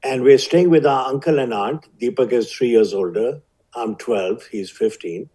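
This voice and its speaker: A man in his seventies with an Indian accent, a physician telling his life story as a guest in an interview, measured and vivid. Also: mid-range voice, warm tone, poor audio. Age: 70s.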